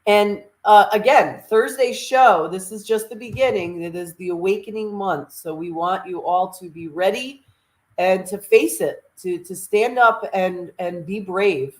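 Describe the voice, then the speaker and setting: A woman co-host closing the show, upbeat and encouraging, with filler pauses. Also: mid-range voice, roomy sound. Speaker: podcast co-host. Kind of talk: show sign-off.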